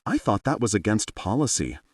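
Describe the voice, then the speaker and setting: Hiyori, excitable young woman, as a man puts her on. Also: on the low side, a little fast, dry recording, clean studio sound, distant mic. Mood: chatty.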